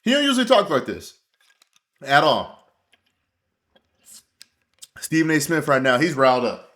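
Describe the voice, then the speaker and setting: A man casually reacting to a clip as host, slangy and animated, talking while eating. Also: a little high, measured pace.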